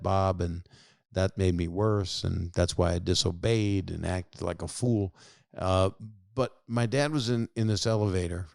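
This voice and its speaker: Older guy hosting a podcast, low smooth voice, rambly and jokey, dry close mic. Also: darkish tone, dry recording. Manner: rambling, self-interrupting, jokey. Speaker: podcast host calling listeners. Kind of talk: casual phone chat and rambling monologue.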